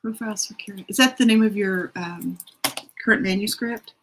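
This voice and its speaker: A woman's voice: medium pitch, fairly even intonation, normal speed, slight background noise, low-quality recording. A middle-aged woman hosting a writing sprint stream from her home, chatting casually and rambling with self-deprecating asides. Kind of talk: casual livestream chat, reading out comments. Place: home room.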